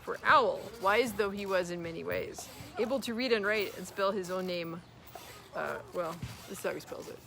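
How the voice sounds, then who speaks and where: A woman as guest storyteller, reading a children's story aloud in an animated way, with chatty asides. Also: medium pitch, moderate pace, vocal fry, over music. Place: at home with her son near a swing.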